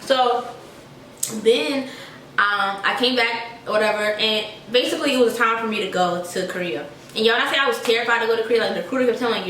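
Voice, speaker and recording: A woman's voice: fairly high pitch, fast talker, a bit bright, recorded from a distance. A young woman from Georgia, a soldier telling a chatty storytime to her viewers and calling them y'all. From Georgia, USA. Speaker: army soldier. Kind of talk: casual storytime vlog. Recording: echoey room, voice a bit off-mic, faint noise.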